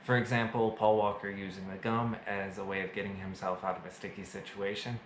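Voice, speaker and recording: A man's voice: fairly low pitch, level tone, fairly quick, reverberant, background noise. A man casually reviewing a movie to camera, chatty and full of fillers, with self-mocking jokes. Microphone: camera mic.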